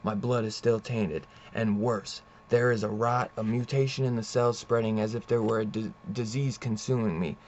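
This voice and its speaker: A man's voice: on the low side, flat delivery, normal speed, few pauses, a little mellow, natural voice. A man voicing a tormented male vampire scientist, reading his grim inner monologue in a near-plain voice over a dull lo-fi recording. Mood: brooding. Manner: grim, brooding inner monologue read aloud. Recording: dull lo-fi with faint hiss.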